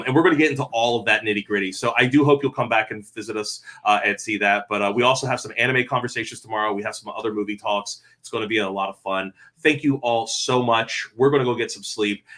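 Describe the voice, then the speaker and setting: A man's voice: on the low side, fast, few pauses, pushed and bright. A man hosting a casual online panel chat, rambling and heartfelt, stammering through frequent restarts. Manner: heartfelt and effusive. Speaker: panel host.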